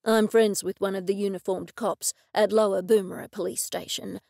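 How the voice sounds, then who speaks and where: A woman's voice: medium pitch, steady tone, normal speed, creaky, a little mellow, dry recording, clean studio sound. A woman voicing an earnest, protective detective. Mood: explaining.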